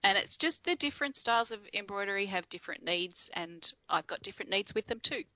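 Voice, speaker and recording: A woman's voice: mid-range voice, animated, a little fast, pushed and bright, dry recording, low-quality recording. A woman guest, an embroidery author and teacher, chatting on a remote call and explaining her methods patiently, correcting herself as she goes. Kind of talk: conversational explanation.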